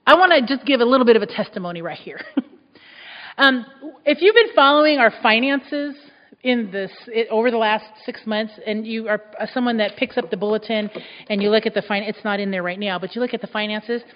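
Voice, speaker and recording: A woman pastor preaching a sermon, emphatic and repeating key phrases, her voice rising loud and dropping soft. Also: fairly high pitch, brisk. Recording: echoey hall, dull muffled sound.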